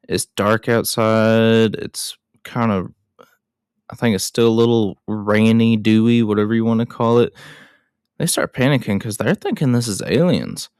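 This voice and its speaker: Slow, self-deprecating movie recap man. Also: fairly low pitch, no echo, clean studio sound. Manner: self-deprecating, chatty asides. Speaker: film recap host. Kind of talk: casual film recap.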